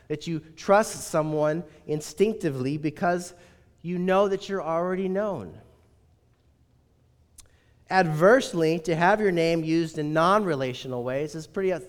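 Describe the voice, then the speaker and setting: Guy preaching a sermon, kinda high voice, chatty and wry, big echoey church. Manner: conversational, wry, uses rhetorical questions. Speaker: pastor. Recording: reverberant hall.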